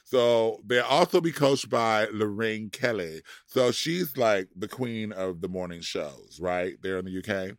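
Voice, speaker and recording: A man's voice: fairly low pitch, unhurried, hardly any pauses, dry recording. A man co-hosting a podcast in casual chat, laid-back with short reactions and asides. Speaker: podcast co-host.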